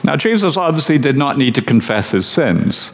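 A man preaching a sermon, teaching slowly and with emphasis in a measured delivery. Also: medium pitch, very animated, in a large hall.

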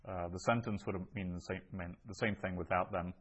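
A man's voice: low voice, fairly even intonation, fairly quick, fairly bright tone, breathy edge, muffled recording. A man teaching a Greek class, explaining step by step with frequent ums. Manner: patient, explanatory, with many ums. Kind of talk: classroom lesson.

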